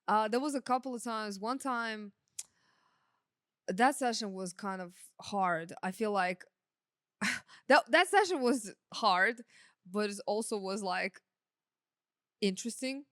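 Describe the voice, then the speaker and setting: A woman's voice: mid-range voice, slow pace, pauses often, fairly bright tone, no room sound, studio quality. A young woman, a sound engineer whose first language is not English, telling stories in a casual podcast chat, laughing often and using many fillers.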